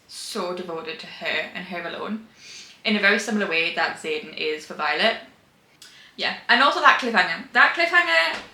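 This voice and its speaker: A woman's voice: medium pitch, sharp tone. Gushing woman chatting about books. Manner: gushing, emphatic, rambling with restarts. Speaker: book vlogger. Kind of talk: casual reading wrap-up chat. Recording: roomy echo.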